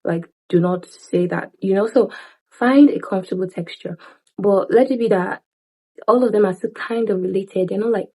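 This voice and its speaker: A woman's voice: mid-range voice, normal speed, dark tone, breathy edge, rough recording. A young woman talking casually to camera, giving chatty advice with playful asides and frequent laughs. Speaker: lifestyle vlogger.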